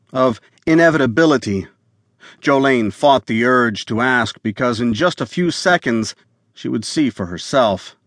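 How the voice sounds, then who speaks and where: A man with a medium-pitched voice narrates a thriller audiobook, reading the script in a steady, measured way. The sound is clean studio quality with no room sound.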